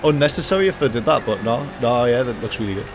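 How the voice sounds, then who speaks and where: A man's voice: mid-range voice, lively intonation, quick pace, music in the background. A young man ranting and joking casually to his chat during a gaming livestream. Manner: jokey, ranting, reacts to chat, swears casually.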